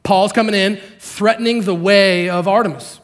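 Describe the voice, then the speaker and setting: A man preaching a sermon to a congregation, animated and joking, acting out the characters in the story. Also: high voice, moderate pace. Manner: animated, acts out quotes, jokes with the congregation. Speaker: pastor.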